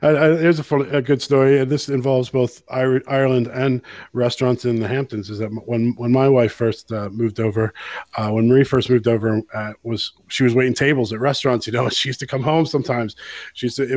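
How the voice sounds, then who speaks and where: A man's voice: mid-range voice, steady tone, fairly quick, darkish tone, no echo. A man hosting a podcast, chatting casually, laughing often and restarting his sentences. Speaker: podcast host. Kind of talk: casual chat.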